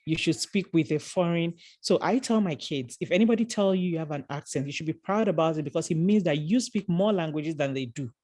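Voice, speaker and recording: A woman's voice: sits low, fairly quick, few pauses, warm tone. A woman from Nigeria with a Nigerian accent, speaking earnestly on a panel call and advising parents, with frequent restarts. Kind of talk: community panel discussion.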